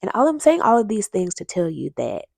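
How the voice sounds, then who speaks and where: A woman's voice: mid-range voice, sing-song, brisk, gravelly, a little mellow, no room sound. A woman talking straight to her viewers in a chatty, emphatic way, urging them to act and telling stories along the way. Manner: chatty storytelling, addresses viewers as y'all. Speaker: vlogger. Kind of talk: casual advice talk to camera.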